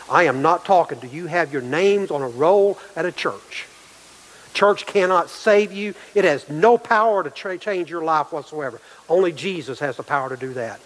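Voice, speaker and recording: Pastor, male, fairly high voice, emphatic sermon delivery, repeats his lines, rises and drops in force; long church reverb. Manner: emphatic preaching, repeats phrases, swings between loud and quiet.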